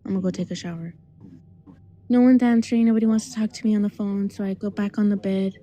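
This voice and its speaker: Young woman caller telling a creepy story, low mellow voice, half whispering, dramatic. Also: fairly even intonation, fast talker, low-quality recording. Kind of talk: storytelling of a scary memory. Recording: call-in audio.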